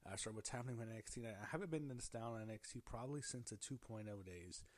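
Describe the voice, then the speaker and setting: A man's voice: mid-range voice, fast talker, no room sound. A man giving a casual spoken review, rambling with many fillers and self-corrections and sounding openly annoyed. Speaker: show reviewer.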